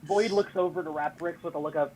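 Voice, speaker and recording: A man's voice: fairly high pitch, fast, darkish tone, a little hiss or hum, low-quality recording. A man playing in a tabletop game, somewhat hesitant in his turns. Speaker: player. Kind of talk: casual tabletop game play.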